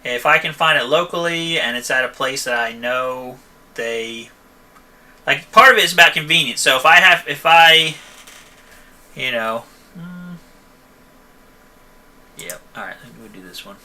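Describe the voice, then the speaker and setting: A man's voice: a little high, expressive, a little slow, pauses often, pushed and bright. A man who runs a van repair shop, hosting a casual live stream and answering viewer questions in a rambling, chatty way, often tagging "okay?" and "you know.".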